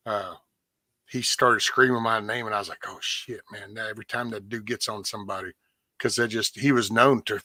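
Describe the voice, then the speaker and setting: A man hosting a casual podcast chat, telling a story with lots of swearing and acting out the other people's voices. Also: no echo. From Texas. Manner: animated storyteller, jumps in pitch acting out voices, swears freely. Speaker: podcast host.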